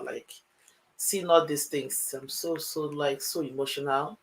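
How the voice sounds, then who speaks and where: A woman, speaking as a panelist in an online discussion, earnest and halting with many fillers. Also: sits low, steady tone, a little hiss or hum, rough recording.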